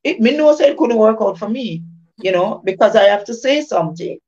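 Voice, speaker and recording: A woman preaches in a fairly high voice, circling back to phrases with emphatic, rhythmic repetition. The recording sounds dull and lo-fi. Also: expressive, brisk, mellow. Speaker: devotional speaker. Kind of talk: informal testimony and preaching.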